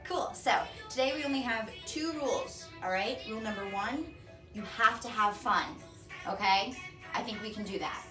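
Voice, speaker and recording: A woman's voice: fairly high pitch, normal speed. Upbeat young woman leading a kids' dance class. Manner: bright, encouraging, counts beats aloud. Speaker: dance teacher. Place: home workout room. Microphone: camera across the room. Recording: echoey room from far off, with music. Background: music playing.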